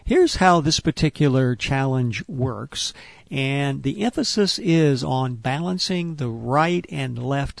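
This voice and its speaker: A man's voice: mid-range voice, gravelly, dry recording, clean studio sound. A man patiently explaining a rhythm and movement exercise step by step, with the odd filler. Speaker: wellness instructor.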